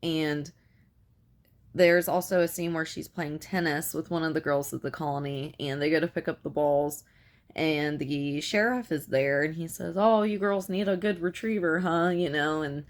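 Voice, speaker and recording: A woman's voice: sits low, steady tone, normal speed. A woman casually recapping a film's plot for a review, rambling and filling her sentences with "like" and "you know". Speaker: film reviewer.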